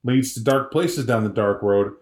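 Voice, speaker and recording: A man's voice: medium pitch, normal speed, darkish tone, roomy sound, natural voice. A man voicing a friendly, laid-back male owl spirit who talks like a casual neighbor. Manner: chatty, easygoing, folksy.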